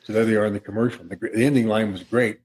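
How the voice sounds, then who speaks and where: American male co-host, husky voice, ribbing his partner in loose chat. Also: fairly low pitch, fairly even intonation, a little mellow. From USA. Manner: teasing, retells commercials with quick impressions. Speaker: radio host. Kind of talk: casual chat.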